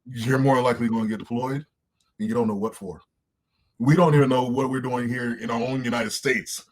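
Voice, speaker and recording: A man in his thirties, a podcast guest telling candid stories in an animated way, swearing freely and acting out other people's voices. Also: medium pitch, brisk, a little hiss or hum. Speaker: interview guest.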